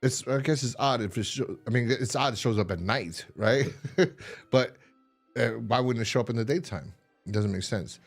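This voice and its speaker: A man's voice: medium pitch, moderate pace, soft background music. A man hosting a show, reading a comic aloud and commenting in a chatty, amused way, with fillers and restarts. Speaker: host.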